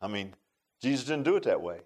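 A man's voice: on the low side, big pitch swings, fairly quick, a little mellow. A man teaching a Bible study class in a casual, folksy sermon style, often asking his listeners questions.

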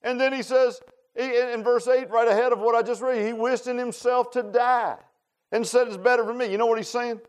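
A man preaching a sermon, folksy and animated, swinging from loud emphatic lines to low quiet ones. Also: a little fast, clean tone.

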